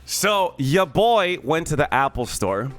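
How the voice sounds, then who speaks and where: A man's voice: fairly high pitch, takes it slowly, soft background music. A young man, a streamer, casually telling a story to his viewers, swearing freely and breaking into laughs and yelps. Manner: animated, profane, laughs and yelps in excitement.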